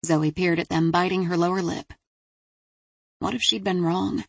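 A woman narrating a crime thriller audiobook in an even, measured reading. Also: on the low side, creaky, breathy edge, no room sound.

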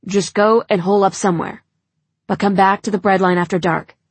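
A woman's voice: medium pitch, fairly even intonation, brisk, breathy edge, no echo, natural voice. A woman doing an urgent young soldier guy. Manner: urgent, hushed. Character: burly young male soldier, scared but helpful.

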